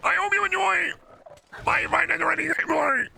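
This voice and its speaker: A man putting on the voice of an overexcited male YouTuber greeting his fans, shrill and exaggerated. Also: fairly even intonation, a little fast, vocal fry, sharp tone, slight background noise, heavily acted, poor audio. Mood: hyped up. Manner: shrill, exaggerated announcer delivery.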